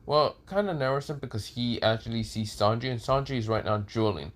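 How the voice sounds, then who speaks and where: A man's voice: mid-range voice, expressive, brisk. A man improvising a fan story aloud, rambling with many fillers and restarts.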